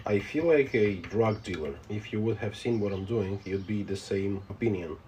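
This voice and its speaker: A man's voice: fairly low pitch, normal speed, mellow, slight background noise. A man live-streaming who reads viewer comments aloud and answers them bluntly in a casual, unbothered way. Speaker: live streamer reading chat.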